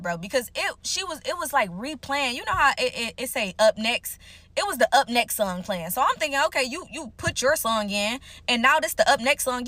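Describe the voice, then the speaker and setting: A young woman telling a casual storytime to her viewers, animated and slangy, with frequent profanity. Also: on the high side, no echo.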